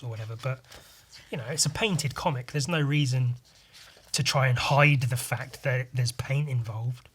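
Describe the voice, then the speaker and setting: A man's voice: mid-range voice, moderate pace, a bit bright, slightly rough. A man hosting a casual solo podcast, rambling, swearing freely and poking fun at himself. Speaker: podcast host.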